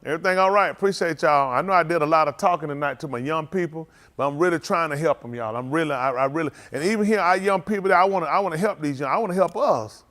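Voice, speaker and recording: A man's voice: a little high, quick pace, few pauses, a bit bright. A man, leading a congregation and greeting livestream viewers by name in a joking, teasing, casual way. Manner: joking, teasing, calls out names.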